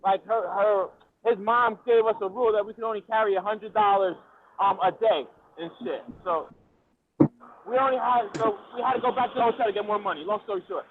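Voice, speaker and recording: A very high-voiced man spins a profane, excitable story in slangy street talk. The sound is thin and tinny, like it is coming down a phone line. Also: brisk, slight background noise. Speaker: storyteller guest. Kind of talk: casual chat, animated storytelling.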